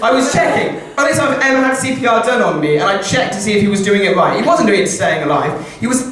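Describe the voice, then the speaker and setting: A man's voice: high-pitched, very animated, fast, a crowd in the background. A young man compering a stand-up comedy show, telling rambling, self-mocking stories into a handheld mic. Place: live comedy show in a campus venue. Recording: echoey room from a distance with audience. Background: audience laughter.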